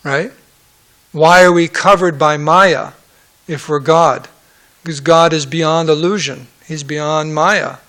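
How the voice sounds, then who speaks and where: A man with a fairly high, bright voice teaches a scripture class in a relaxed, conversational way. He breaks off from the reading for joking asides and puts on quoted voices. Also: slow. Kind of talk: sermon-style scripture class.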